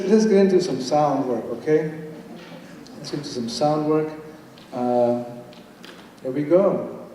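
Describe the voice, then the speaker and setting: A man's voice: medium pitch, a little hiss or hum. An older man reading his poems to an audience in a playful way, mixing English and Spanish and calling on the crowd to join in. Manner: playful, switches between English and Spanish, reads with bursts of excitement. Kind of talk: live poetry reading with audience call-and-response. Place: large hall at a college event. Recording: echoey hall from far off, audience ambience.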